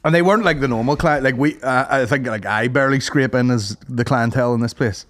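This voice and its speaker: Man, podcast co-host, sweary laughing storyteller, mid-pitched voice. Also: quick pace, fairly bright tone. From Northern Ireland. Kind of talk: casual chat.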